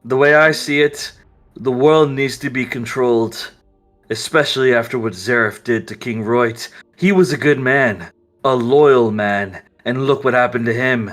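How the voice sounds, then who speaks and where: Brief: man playing scornful, profane would-be ruler, dismissive and snarling, mid-pitched. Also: measured pace, a bit bright, soft background music, lightly acted. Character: scornful power-hungry man, bitter widower.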